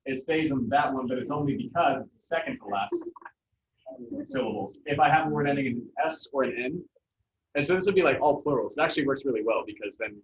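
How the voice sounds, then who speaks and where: A man's voice: medium pitch, fast talker, a little hiss or hum. A man teaching a Spanish pronunciation lesson to a class, explaining casually with many fillers. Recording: echoey, distant, dull classroom recording.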